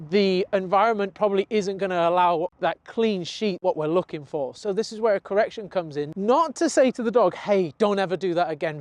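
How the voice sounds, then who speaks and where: A young man from the UK, a dog trainer, giving an earnest, explanatory lesson and acting out his dog's thoughts in quick asides. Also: sits high, a little mellow, no room sound. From United Kingdom. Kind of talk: talking-head training lesson.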